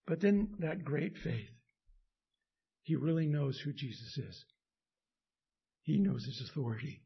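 A man preaching a sermon as pastor, pausing often with fillers and restarts, then building to emphatic peaks. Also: a little high, expressive, gravelly, slightly rough, lo-fi sound.

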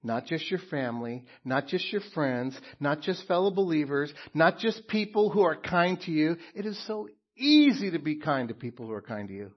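A man preaching a sermon as a pastor, earnest and emphatic, with pauses and repeated phrases. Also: a little high, lively intonation, breathy edge, dull audio.

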